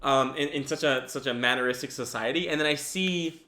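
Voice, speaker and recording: A man's voice: mid-range voice, fairly quick, pushed and bright. A man hosting a podcast, talking in a rambling way with many restarts and casual swearing. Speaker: podcast host. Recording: echoey room with faint noise.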